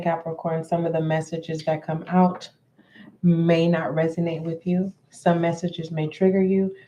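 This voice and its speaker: A woman tarot reader talks slowly and deliberately in a low, flat, mellow voice. She repeats herself and often clears her throat. The recording is dull and lo-fi. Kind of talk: slow spoken tarot reading.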